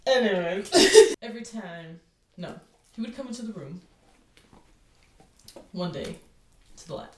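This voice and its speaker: A woman's voice: mid-range voice, expressive, measured pace, pauses often, darkish tone, recorded from a distance. A young woman telling stories in a casual, rambling way, full of "like" fillers and swearing, recorded in her living room. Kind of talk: casual storytelling. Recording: roomy, off-mic, faint noise.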